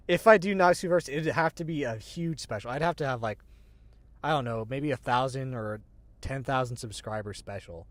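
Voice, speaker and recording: An agender streamer chats casually at the end of a livestream, rambling, restarting sentences and laughing often. The voice sits at a middle pitch. It is recorded close and dry on a desk mic. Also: measured pace, pauses often, dry recording. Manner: self-deprecating, restarts sentences. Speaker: streamer, show host.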